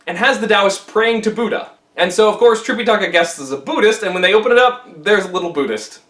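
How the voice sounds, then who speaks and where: Animated man retelling a story. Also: high voice, roomy sound. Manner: animated and playful.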